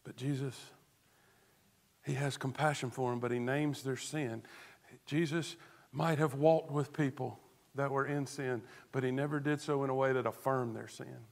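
A man preaching a sermon as pastor, earnest, moving between hushed tones and emphatic stress, with rhetorical questions. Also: mid-range voice, steady tone, moderate pace, vocal fry.

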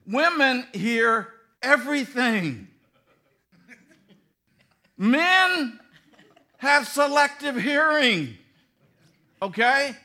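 Middle-aged male pastor, high bright voice, slow comic sermon delivery with acted-out dialogue. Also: expressive. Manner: storytelling with mimicked dialogue, bursts of laughing emphasis. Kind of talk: humorous sermon.

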